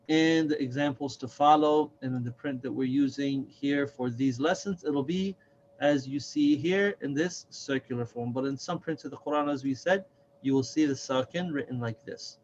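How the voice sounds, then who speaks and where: A man teaching a Quran reading lesson, speaking slowly and deliberately, repeating and stretching sounds to demonstrate them. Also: on the high side, darkish tone, dull audio, a little hiss or hum. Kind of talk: slow, patient recorded lesson.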